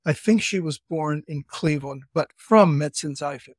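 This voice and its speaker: An older man co-hosting a podcast, chatting casually and telling family stories with quick asides. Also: a little high, slightly rough, no echo, clean studio sound. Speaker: podcast co-host. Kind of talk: casual family-history chat.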